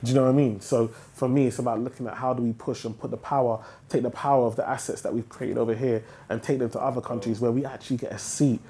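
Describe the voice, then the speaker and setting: British man, podcast guest, rapid slangy delivery, warm low tone. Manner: animated, slangy, emphatic. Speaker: interviewee, investor. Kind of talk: casual podcast conversation.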